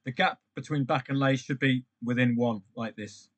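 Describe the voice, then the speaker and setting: A man's voice: mid-range voice, moderate pace, dull audio. A man hosting a football trading live stream, chatting with viewers and calling out matches. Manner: chatty, animated, addresses viewers by name.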